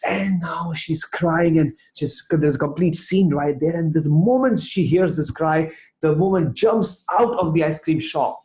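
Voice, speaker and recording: A motivational speaker delivers a rousing, emphatic talk, telling his audience a story. His voice sits a little high and sounds slightly mellow, with an unhurried pace. The recording has a roomy echo.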